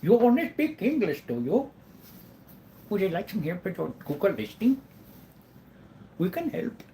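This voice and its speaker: A man putting on a high, overly polite phone caller. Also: huge pitch swings, a little slow, dark tone, a little hiss or hum, heavily acted. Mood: eager. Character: pushy male phone caller offering listing help.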